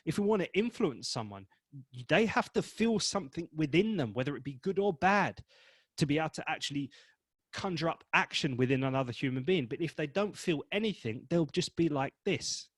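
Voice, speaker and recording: Expressive man coaching, dry sound. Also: fairly high pitch, a little fast, breathy edge, dry recording. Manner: expressive, demonstrates emotions vividly. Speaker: presentation coach. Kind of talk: webinar training talk.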